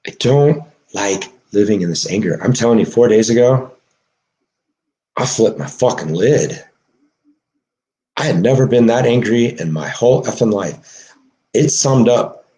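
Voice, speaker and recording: A man delivering an emotional monologue, agitated and swearing, swinging from low mutters to shouting. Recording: echoey room.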